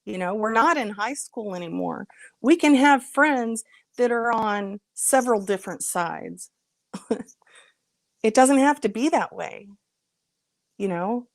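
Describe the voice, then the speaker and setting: A woman's voice: fairly high pitch, lively intonation, measured pace, pauses often, dry recording. Frustrated woman chatting on a livestream. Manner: earnest, frustrated, greets chat viewers by name. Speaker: livestream host. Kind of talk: casual livestream chat.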